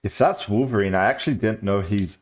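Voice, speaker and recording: A man's voice: lowish voice, brisk, slight background noise. A young British man in casual chat, reacting to clips and easily impressed, often saying "bro". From Britain. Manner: chatty, easily impressed, says "bro" a lot. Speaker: reaction video host.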